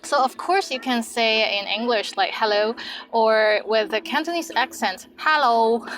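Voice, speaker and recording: A woman's voice: on the high side, normal speed, fairly bright tone, low-quality recording. A woman teaching Cantonese words, saying each word twice and then giving example sentences. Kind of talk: language lesson.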